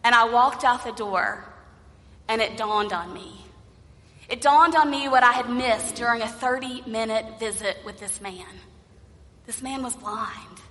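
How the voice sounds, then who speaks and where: A woman's voice: fairly high pitch, unhurried, bright, forceful tone, in a large hall. A woman pastor preaching a sermon, telling a story and acting out the voices in it.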